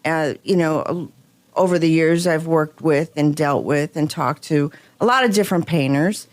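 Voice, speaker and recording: A woman with a deep voice speaks at a normal speed in a dry recording. She hosts a radio talk show and works as a real estate broker, sounding chatty and upbeat as she introduces her guests.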